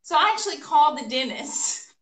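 Woman chatting on a live stream, high pitched, laughs a lot, roomy echo. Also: a little fast. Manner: animated, laughing storyteller. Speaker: co-host of a painting livestream. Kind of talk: casual storytelling chat. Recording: echoey room, voice a bit far from mic.

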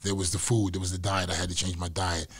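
A man's voice: sits low, level tone, fast, fairly bright tone, slightly rough. A middle-aged man from New York with a New York accent, talking in a loose, reflective way as an interview guest. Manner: reflective, loose, repeats phrases. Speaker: interview guest, former boxer. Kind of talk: casual interview talk.

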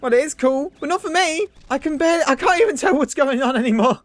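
A young man commentating his own gameplay, excitable, swearing and joking at himself. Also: extremely high pitch, quick pace, hardly any pauses, faint music behind. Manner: excitable, swearing, self-mocking jokes. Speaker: gaming video host. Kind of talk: let's play commentary.

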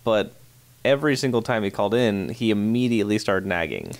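Deep-voiced man casually recapping. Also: lively intonation, a little fast. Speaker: podcast co-host. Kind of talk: casual chat.

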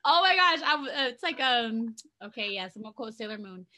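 A woman in easygoing podcast talk, teasing, joking and backing up her friend. Her voice sits a little high, and her tone is bright and forward. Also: lively intonation, a little fast. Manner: playful, joking, hypes up her co-host. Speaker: book club co-host. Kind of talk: casual chat.

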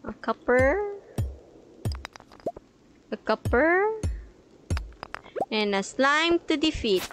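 Female gamer, slightly high voice, very unhurried delivery, playful running commentary over background music. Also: very animated. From Philippines. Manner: playful, chatters at the game and enemies, giggly. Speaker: gaming channel host. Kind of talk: casual gameplay commentary.

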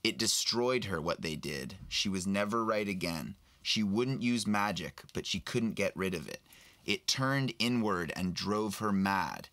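A bitter old wizard, grieving over his family, as a man reads him aloud. The voice is low and bright, with a dry, close sound. He speaks slowly and with measure. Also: animated, dry recording, exaggerated voice. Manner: slow, measured reading aloud.

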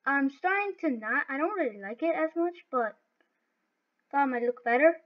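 A woman giving live gameplay commentary, excitable and talking to herself as she plays. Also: high voice, moderate pace. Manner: excitable, talks to herself while playing. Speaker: gaming video host. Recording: dull lo-fi recording.

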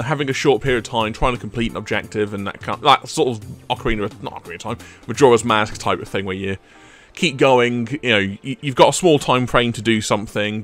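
A man giving casual gameplay commentary into a desk microphone, excitable and chatty and laughing often. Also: medium pitch. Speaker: gaming video creator. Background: faint game music.

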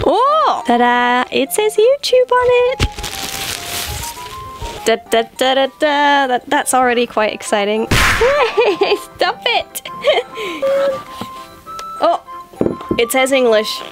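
Bubbly high-voiced woman vlogger. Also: unhurried, long pauses, over music. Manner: bubbly and excitable, exclaiming. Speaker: YouTuber host. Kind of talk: casual vlog chat.

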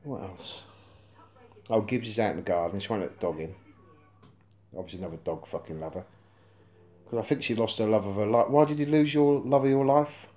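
A man's voice: lowish voice, brisk, long pauses, dark tone. A man, vlogging from indoors in a house, rambling bluntly and swearing constantly. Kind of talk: casual vlog chat.

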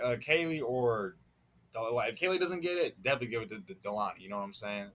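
A man's voice: on the low side, animated, fast, a bit bright. A man hosting a reaction video, chatting casually and rambling with frequent stutters and laughs.

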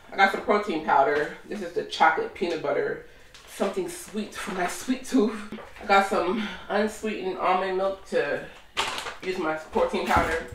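Woman vlogger, casual and lively, echoey room, off-mic. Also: mid-range voice, distant mic. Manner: chatty, animated. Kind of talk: casual vlog chat.

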